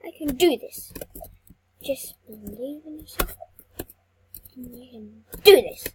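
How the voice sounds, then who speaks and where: Excitable high-pitched young gamer girl. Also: slow pace, noisy background. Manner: excitable, frustrated outbursts, self-encouraging. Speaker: gaming channel host. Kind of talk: gameplay commentary.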